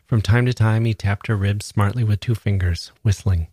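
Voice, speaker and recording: A man reads literary fiction aloud in a measured, unhurried way. His voice is low and mellow, with a soft, dark tone. The sound is close and dry, with no room echo. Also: steady tone, slightly rough. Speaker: narrator. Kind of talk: literary reading.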